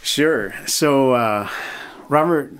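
Drawing out his words, this man speaks in a medium-pitched voice that is clear, resonant, and fairly bright. He's a middle-aged mission leader from the United States, interviewed as a guest. He shares a personal story and acts out the dialogue.

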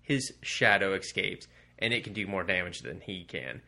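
A man's voice: low voice, normal speed, vocal fry. A man co-hosting a casual podcast about comics, swearing freely and acting out characters as he retells stories. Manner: profane, animated retelling with mock quotes. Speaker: podcast co-host.

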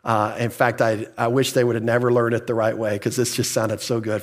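A male pastor in the middle of a sermon, his voice sitting at an ordinary middle pitch. He keeps throwing questions out to the congregation and answering them himself. A light chuckle comes through here and there as he preaches. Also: little pitch movement, fairly quick, hardly any pauses. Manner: chuckles now and then while preaching.

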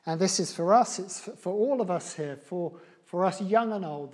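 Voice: mid-range voice, darkish tone. A preacher delivering a sermon in a church, earnest and often restarting or repeating words.

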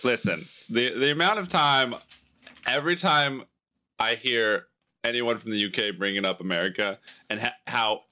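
A man chatting with friends, excitable and quick to laugh, jumping into silly voices. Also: medium pitch. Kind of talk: casual group chat.

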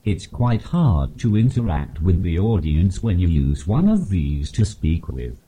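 A man speaking through a text-to-speech device with a monotone, posh English voice, delivering dry punchlines in an interview. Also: low-pitched, a little slow, slightly rough. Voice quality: monotone synthetic voice. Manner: flat, no emphasis, dry punchlines. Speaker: comedian guest. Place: live stage at a comedy festival.

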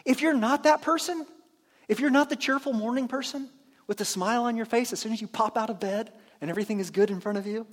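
In a church sanctuary, a pastor with a high-pitched, steady voice preaches a conversational sermon, and the room sounds big. Now and then he acts out imagined churchgoers in quick asides.

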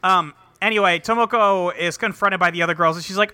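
A man casually recapping an episode with a co-host, swearing freely and acting out the characters in quick quotes. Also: high voice, bright, forceful tone, clean tone, dry recording. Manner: loose, profane, acts out characters in quick quotes. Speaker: podcast co-host recapping an anime. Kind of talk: casual chat.

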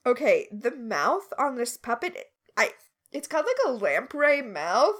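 High-pitched woman co-host, wry and animated, for a casual podcast recap. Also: unhurried. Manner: sarcastic, animated, acts out characters in quotes.

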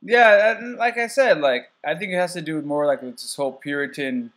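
A man in casual conversation, talking in a halting, rambling way and swearing freely. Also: a little high, a bit bright.

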